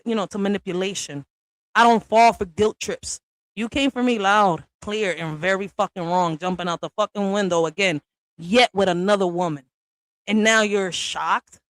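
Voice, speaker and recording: A woman's voice: mid-range voice, fairly bright tone, no room sound. Woman streamer, tough-talking and profane, in a dry, close recording. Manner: blunt, profane, confrontational. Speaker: livestream host. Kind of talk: ranting monologue to viewers.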